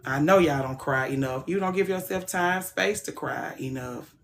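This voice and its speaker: Frank, animated woman chatting on stream. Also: low-pitched, moderate pace, creaky, a little hiss or hum. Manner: frank, animated, swings from soft to loud. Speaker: livestream host. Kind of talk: casual livestream chat.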